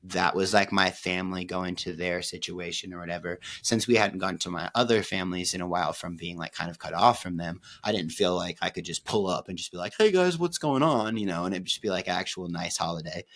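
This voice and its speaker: A man's voice: low voice, flat delivery, a little fast, few pauses, fairly bright tone. A man from Oregon co-hosting a podcast, telling a personal story in a rambling, profane way with many fillers and restarts. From Oregon, USA. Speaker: podcast co-host.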